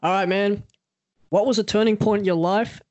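Lively podcast host, dry sound. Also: male voice, high voice, normal speed, no echo, lo-fi sound. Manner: animated storyteller, swears freely, acts out quotes. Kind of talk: casual podcast interview.

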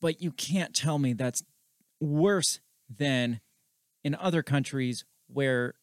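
A man's voice: mid-range voice, slow, no echo, studio quality. A man co-hosting a podcast in casual chat, talking with a wry, sarcastic edge. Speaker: podcast co-host.

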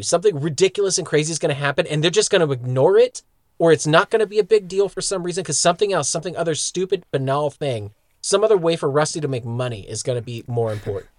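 A man's voice: on the high side, a little mellow, no echo. A man co-hosting a podcast, chatting casually and animatedly about a cartoon, laughing often and swearing now and then. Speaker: podcast co-host. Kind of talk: casual chat.

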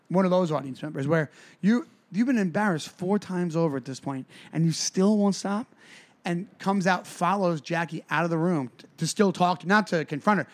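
A man co-hosting a comedy podcast, telling a story in a casual, animated way and often restarting his sentences. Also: a little high.

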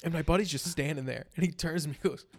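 A young man with a fairly high, gravelly voice hosts a loose, casual chat. He talks in animated bursts, leaning on "like" and casual swearing as he tells stories. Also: racing, crowd noise. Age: 20s. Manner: animated storyteller, swears freely, many "like" fillers. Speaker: podcast host.

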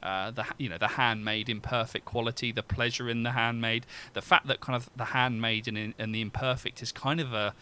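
A man's voice: mid-range voice, fairly even intonation, brisk, hardly any pauses, sharp tone, clean tone. A man discussing animation as a guest scholar, thinking aloud with many restarts. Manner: rambling, many restarts and fillers. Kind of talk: academic discussion.

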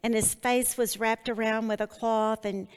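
A woman teaching a Bible study, earnest and deliberate, pausing between her phrases. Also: fairly high pitch, flat delivery, clear, resonant tone, big-room sound.

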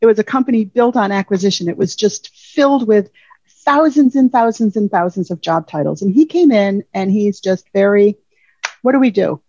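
Chatty woman on a husky, muffled line. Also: mid-range voice, moderate pace, dark tone, no echo. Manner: chatty, full of "you know" asides. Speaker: guest payroll leader. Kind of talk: casual conversational interview. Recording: dull lo-fi remote audio.

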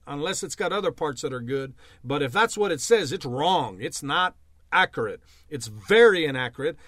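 A man's voice: fairly high pitch, fairly bright tone, no echo, studio quality. A male preacher teaching a sermon, emphatic, with refrains like "amen" and "bless God" and frequent self-amused laughs. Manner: emphatic, laughs at himself, many uh fillers.

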